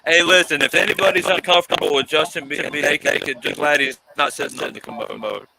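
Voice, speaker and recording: A man's voice: fairly high pitch, brisk, creaky, bright, forceful tone, slight background noise, rough recording. A man hosting a live podcast, confronting a caller in a profane, mocking way. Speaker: podcast host. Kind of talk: heated live debate.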